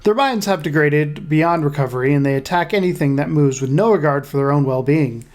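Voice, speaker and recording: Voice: mid-range voice, a little fast, darkish tone, close to an everyday voice. A gamer reading a scholar's journal aloud in a put-on British accent, dramatic and grave. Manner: dramatic, stumbles over hard sentences. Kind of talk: reading in-game lore aloud.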